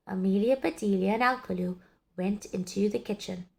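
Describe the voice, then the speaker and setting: A woman reading a children's story aloud in an expressive, sing-song way. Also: medium pitch, normal speed, gravelly. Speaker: storybook reader.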